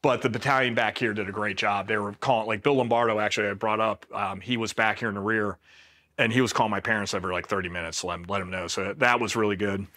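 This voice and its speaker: Laid-back deadpan male war storyteller. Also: fairly low pitch, quick pace. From Pennsylvania, USA. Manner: laid-back, deadpan, quotes himself flatly. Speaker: Marine veteran. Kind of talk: casual storytelling interview.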